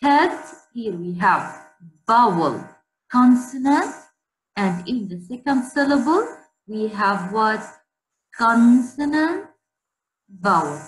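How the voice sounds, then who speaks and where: A woman teacher giving a slow spelling lesson to children, repeating words so pupils can say them after her. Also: on the high side, expressive. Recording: echoey room with faint hum.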